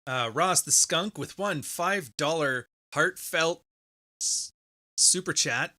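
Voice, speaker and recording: A man's voice: on the high side, slow pace, bright, forceful tone. A man hosting a podcast livestream, talking casually and rambling as he reads out viewer messages on a close microphone. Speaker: podcast host.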